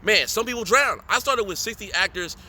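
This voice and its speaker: A man from Pasadena, California, an actor telling animated stories in an interview, casual with profane slang. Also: high-pitched, brisk.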